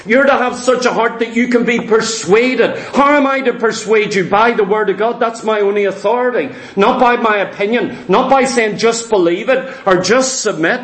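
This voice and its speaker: A man's voice: high voice, moderate pace, hardly any pauses, fairly bright tone, echoey room. A man preaching a sermon, speaking earnestly and with emphasis to his congregation.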